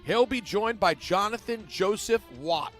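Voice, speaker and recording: A man co-hosting a sports talk radio show, animated and jokey, bouncing between game previews and silly voices on a studio microphone. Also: sits high, measured pace, music in the background.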